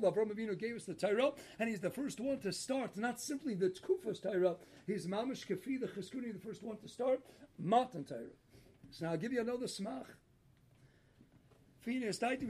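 A man with a very high voice leads a Torah lecture and strings one rabbinic story into the next. He talks in an animated, quick way and keeps laughing at his own punchlines.

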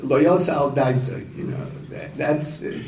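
A man telling a story and talking to yeshiva students, halting and repeating words, with Yiddish and Hebrew terms. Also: a little high, fairly even intonation, a little mellow. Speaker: speaker addressing yeshiva students. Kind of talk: informal talk to students, storytelling. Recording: echoey room, voice from far off, faint noise.

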